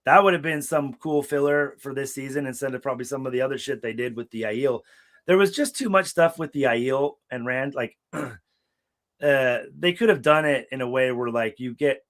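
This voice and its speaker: With a medium-pitched, slightly bright voice, this young podcast co-host rambles through a laid-back live watch-along chat. Stuck in a sweltering room without AC, he tells stories and swears freely.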